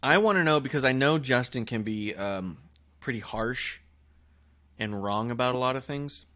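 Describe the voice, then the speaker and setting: A man's voice: medium pitch, animated, normal speed, pushed and bright. A man co-hosting a casual podcast chat, rambling and laughing often. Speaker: podcast co-host.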